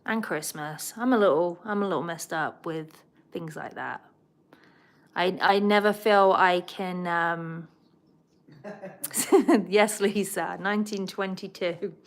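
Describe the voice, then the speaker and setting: A middle-aged southern English woman hosts a relaxed livestream and chats freely while she reads out and answers viewer comments. Her voice sits a little low for a woman. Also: slow pace. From England. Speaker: host of a pet livestream. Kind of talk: casual livestream chat.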